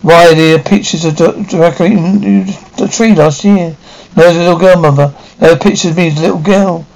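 An actress playing a defiant young daughter. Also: female voice, fairly low pitch, fairly even intonation, brisk, close to an everyday voice, low-quality recording. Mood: distraught. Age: young adult. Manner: sharp, scornful outbursts. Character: defiant grown daughter, restless and rebellious. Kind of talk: 1950s TV drama acting.

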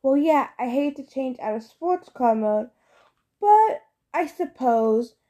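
Lady reading as a show-off teen sun god, high and loud, super pleased with himself. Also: lively intonation, slow, exaggerated voice. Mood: cocky, playful. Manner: boastful, cheerful, showy.

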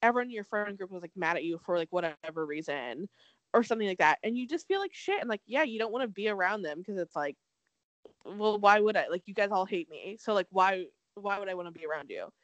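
Animated young woman with a lively voice. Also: medium pitch, quick pace, dry recording, poor audio. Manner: animated, swearing, acts out quotes from the show. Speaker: podcast co-host. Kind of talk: casual chat recapping a reality dating show.

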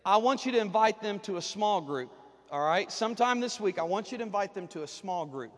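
Pastor guy, kinda high voice, joking around with the church, big hall reverb. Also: animated, a little fast. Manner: folksy, joking, talks to the congregation. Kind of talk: sermon. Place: church sanctuary, on the platform.

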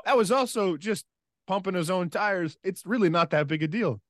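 Man, sports podcast co-host, casual chat, animated, laughing, dry close mic. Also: high voice, no room sound. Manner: animated, laughing, rapid asides.

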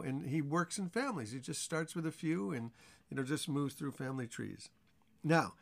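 A man teaching a Bible chapter as pastor, with earnest, repetitive emphasis. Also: a little high.

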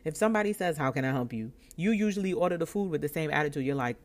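A New York woman in her thirties with a low voice talks rapid-fire as she hosts a podcast. She tells a personal story animatedly, acting out the dialogue with laughs.

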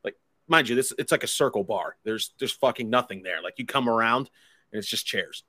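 A man's voice: mid-range voice, brisk, pushed and bright, no room sound. A man telling a rambling, profane story in casual chat, acting out his friends' lines. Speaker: podcast host telling a story.

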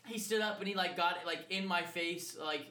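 A young man tells a story with lots of swearing in an easygoing podcast chat. His voice is bright and sits a bit high. The room around him is echoey. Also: moderate pace. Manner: animated storyteller, heavy swearing. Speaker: podcast co-host. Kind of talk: casual profane chat.

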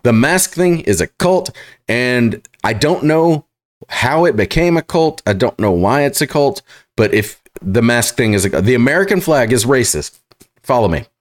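A man hosting reaction commentary, sarcastic and halting, full of fillers and restarts. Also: medium pitch, very animated. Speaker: commentary host.

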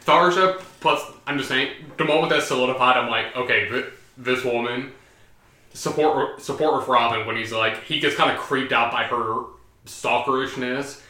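A man co-hosts a podcast in loose, rambling casual talk, filling gaps with fillers. His tone is bright and forward. The room adds a roomy echo. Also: medium pitch, moderate pace. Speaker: podcast co-host. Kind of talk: casual chat. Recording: echoey room.

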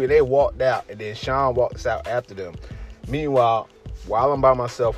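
A man, a podcast host, telling a story casually, slangy and animated, acting out his friends' lines. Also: medium pitch, normal speed, faint music behind.

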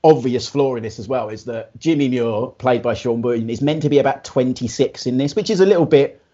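A man chatting casually on a podcast in a relaxed, rambling way, laughing easily. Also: medium pitch, fairly quick. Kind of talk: casual chat. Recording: slightly dull lo-fi recording.

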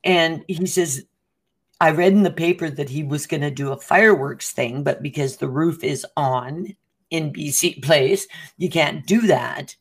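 Her voice is low with a breathy edge, and she speaks a little slowly. As co-host in a casual conversation, she recounts a long tale, performing the other people's lines with animated laughter.

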